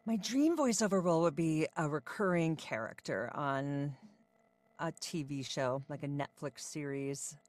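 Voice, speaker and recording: Low-pitched woman in her 40s, voice-over artist, chatty and upbeat in a podcast interview, lots of ums. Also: a little slow, darkish tone.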